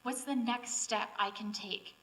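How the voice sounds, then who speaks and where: Young woman giving a heartfelt talk, kinda high voice, far off mic w/ a hum. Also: steady tone, unhurried, a bit bright. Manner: earnest, emotional, tearful at times. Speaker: seminar speaker. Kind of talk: inspirational talk to students. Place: auditorium or classroom. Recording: distant mic with mains hum.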